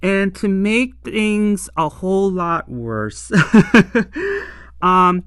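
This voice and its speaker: An exasperated reviewer rambles through an episode recap in a slow, drawn-out delivery. The voice is smooth and clean, recorded dry and close with no room sound. Frequent sighs and self-corrections run through the casual commentary. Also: medium pitch, lively intonation, fairly bright tone, no room sound. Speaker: show reviewer.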